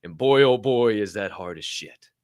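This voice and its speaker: A young man giving a motivational podcast monologue as co-host, animated and profane, jumping from loud outbursts to low muttered asides. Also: normal speed, no echo, clean studio sound.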